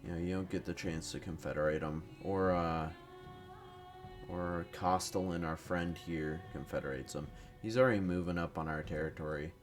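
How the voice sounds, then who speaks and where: A man's voice: low-pitched, steady tone, normal speed, soft background music. A man giving casual, rambling, profane commentary while playing a strategy game, a bit tired and fumbling for words. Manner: rambling, profane, self-deprecating. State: tired, no morning caffeine. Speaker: gaming commentator.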